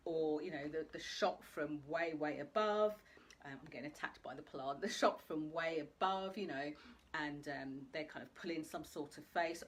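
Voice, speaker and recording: Low-voiced woman hosting a chatty talk. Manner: chatty, addresses viewers directly. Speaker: host. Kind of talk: live video talk to viewers.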